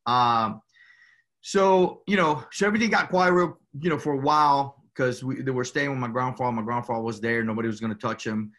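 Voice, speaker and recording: Guy from cuba rambling through a story, bright clear voice, lots of "you know, man". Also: medium pitch, fairly quick. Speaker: guest. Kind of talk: casual storytelling.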